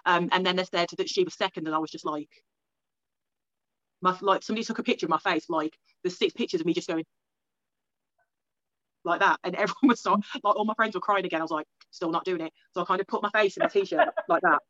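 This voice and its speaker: A young woman from England tells her story at a rapid clip, stringing thoughts together with "like" and little acted-out quotes of herself. The sound is close and dry, with a slightly dull, lo-fi edge. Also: fairly low pitch, a bit bright, no echo. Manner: fast, rambling, lots of "like" and quoted self-talk. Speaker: guest. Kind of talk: casual storytelling interview.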